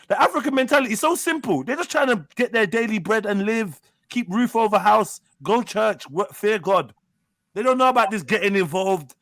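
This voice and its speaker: A blunt man from England argues on a livestream panel, his voice high and bright. He talks animatedly and swears freely, pressing his point over an online call. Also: no room sound. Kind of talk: heated livestream panel debate.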